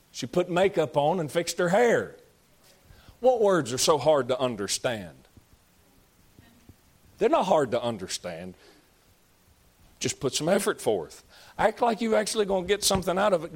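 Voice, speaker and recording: A man preaching a sermon, swinging between loud, drawn-out exhortations and low, conversational asides. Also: expressive. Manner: rising to shouted exhortation, then dropping low and conversational.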